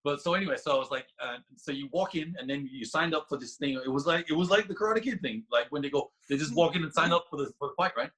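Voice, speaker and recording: A man's voice: a little high, quick pace, few pauses, husky, rough recording. A man guest on a podcast, telling a story casually with lots of restarts and laughter. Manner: animated, laughing, many restarts.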